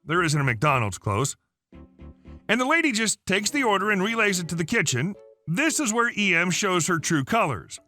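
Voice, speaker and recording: A man narrating a story aloud in a lively, chatty way. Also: high voice, moderate pace, faint music behind.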